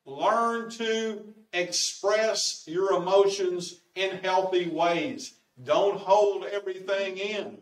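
A man's voice: sits high, slow pace, few pauses. A man preaching a folksy, homespun sermon with joke stories. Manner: homespun, storytelling. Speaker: pastor. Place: church sanctuary. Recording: echoey church from far off.

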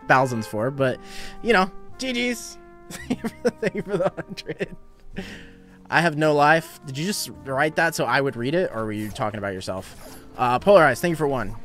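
A young man talks loosely through a live game stream, laughing often as he thanks viewers for donations. His voice sits at an ordinary middle pitch, and faint music plays behind him. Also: fairly bright tone. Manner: chatty, laughs often, reads donations aloud. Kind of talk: casual live-stream chat while gaming.

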